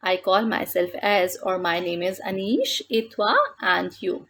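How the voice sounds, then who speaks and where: Woman teaching French slowly, gravelly voice. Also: lowish voice, fairly even intonation, fairly bright tone. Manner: slow and deliberate, repeats words in French then English. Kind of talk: explaining a textbook lesson.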